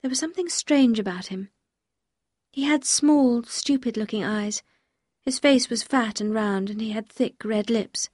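A woman reading a novel aloud as first-person narrator, in a clear, measured storytelling manner. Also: fairly high pitch, a little mellow, no room sound, studio quality. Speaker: audiobook reader.

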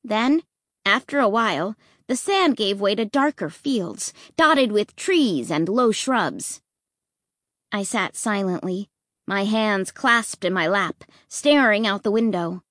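A woman narrating a children's story in an expressive, measured way. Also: mid-range voice, dry recording, studio quality.

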